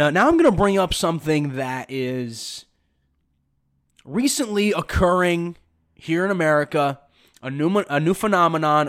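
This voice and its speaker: A man hosting a podcast, delivering emphatic, sarcastic opinion commentary. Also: a little high. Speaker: podcast host.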